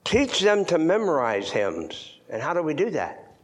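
An older man preaching in a church, moving between loud emphatic lines and hushed near-whispers. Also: fairly high pitch, wildly swooping pitch, measured pace. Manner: old-fashioned scripture reading, repeats words for stress. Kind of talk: sermon.

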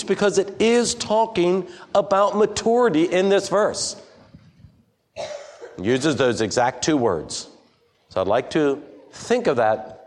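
Lively man preaching a sermon. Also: a little high. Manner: questioning the congregation, lively. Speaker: pastor. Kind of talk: interactive sermon.

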